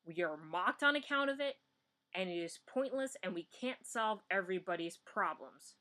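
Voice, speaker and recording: A woman's voice: mid-range voice, lively intonation, moderate pace, sharp tone. A young American woman giving a heated political rant as a vlogger, blunt and swearing, often breaking off and restarting, recorded on a built-in computer mic at home. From United States.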